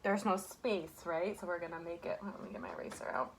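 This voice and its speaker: A woman's voice: fairly low pitch, steady tone, brisk, a little hiss or hum. Sing-song woman teaching kindergarten. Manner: sing-song, encouraging, asks rhetorical questions. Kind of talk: remote lesson to young children.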